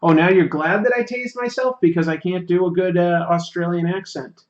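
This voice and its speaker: A man chats loosely with his stream's viewers as he draws, wandering between thoughts and poking fun at himself. His voice sits a little high for a man. The sound is muffled and lo-fi. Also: steady tone, normal speed. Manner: rambling, self-deprecating, many fillers. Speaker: livestreaming artist. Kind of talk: casual chat while drawing, answering viewer comments.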